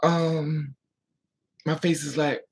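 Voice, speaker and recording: A gravelly, husky voice with plenty of vocal fry. A vlogger speaks candidly and emotionally about their own past. At times they drop to a near whisper and answer viewer comments. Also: mid-range voice, little pitch movement, slow pace, rough recording. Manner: emotional, candid storytelling with frequent hushed asides; responds aloud to viewer comments. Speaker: vlogger telling a personal story. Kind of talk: casual story time monologue.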